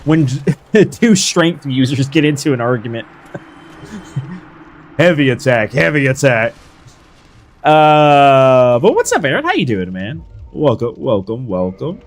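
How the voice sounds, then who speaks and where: A man's voice: medium pitch, slow pace, pauses often, faint music behind. A young man streaming a game live, hyping up his fights and chatting casually with viewers. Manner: excitable, hyped shouts while fighting.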